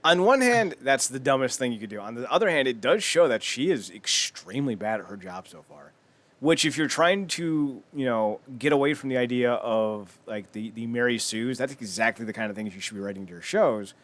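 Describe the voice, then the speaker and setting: A man's voice: medium pitch, expressive, brisk, a bit bright. A man co-hosting a casual podcast chat who laughs often and acts out characters' lines as he talks. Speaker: podcast co-host.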